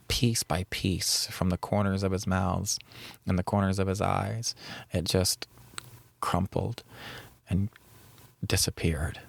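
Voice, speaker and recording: A man's voice: deep voice, vocal fry. A man hosting a podcast, telling a personal story in an earnest, reflective way and drawing out key words. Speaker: podcast host.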